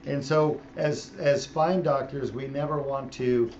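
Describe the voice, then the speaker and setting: A man's voice: mid-range voice, fairly even intonation, a little slow, darkish tone, lo-fi sound, a little hiss or hum. A middle-aged man, a spine surgeon, explaining his work in a casual, joking way while he operates. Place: operating room.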